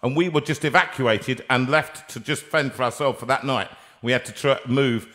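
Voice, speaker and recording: A male host with a mid-range voice and a bright, forceful tone. He chats in a playful, teasing manner, steering a relaxed interview. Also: mid-range voice, normal speed. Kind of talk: casual interview chat.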